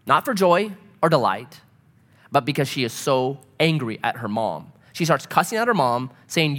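A middle-aged man preaching a sermon, telling stories in an animated way and swinging from loud to soft. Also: mid-range voice, moderate pace. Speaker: pastor. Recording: long hall reverb.

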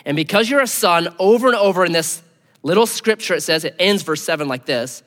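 A man preaching a sermon as pastor, conversational and animated, often dropping to a hushed near-whisper. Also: high-pitched, fairly quick, big-room sound.

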